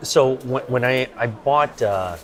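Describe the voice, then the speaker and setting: A man co-hosting a podcast, chatting over lunch in a halting way with many repeats. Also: mid-range voice, a little hiss or hum. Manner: hesitant, repeats words and fillers. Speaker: podcast co-host. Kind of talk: casual chat over lunch. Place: busy restaurant. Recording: restaurant crowd chatter behind.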